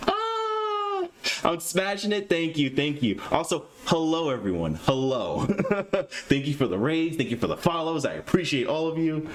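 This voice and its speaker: Between interview segments with a voice actor, a man hosting a live stream talks to his chat in a jittery, self-deprecating way, laughing nervously. His voice is fairly high-pitched and sing-song, and he speaks at a moderate pace.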